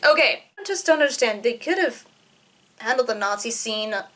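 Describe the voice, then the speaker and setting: Woman, film reviewer, sarcastic ranting commentary, bright tense voice, a bit high. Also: expressive, moderate pace. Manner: ranting, sarcastic, breaks into loud exasperated outbursts.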